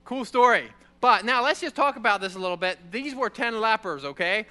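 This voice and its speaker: A man giving an informal Bible lesson, reading a passage and explaining it in a conversational, animated way, often checking in with the listeners. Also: sits high, fairly quick. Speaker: preacher.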